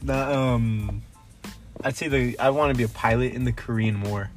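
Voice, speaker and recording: An easygoing teenage guy with a mid-pitched voice who talks a bit hesitantly. Music is clearly heard underneath him. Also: steady tone, normal speed. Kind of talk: casual chat.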